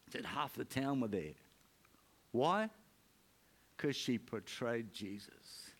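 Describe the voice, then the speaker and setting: A man preaching a sermon, telling a story in an earnest, soft-spoken way. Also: mid-range voice, expressive, slow. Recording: music playing behind.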